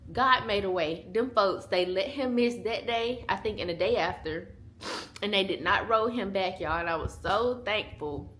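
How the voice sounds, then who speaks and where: Her voice is medium in pitch, expressive, somewhat bright, and moves at an ordinary speed. She's a twenty-something mother vlogging in a chatty, candid way, laughing a lot and speaking directly to viewers, recorded on a small handheld camera.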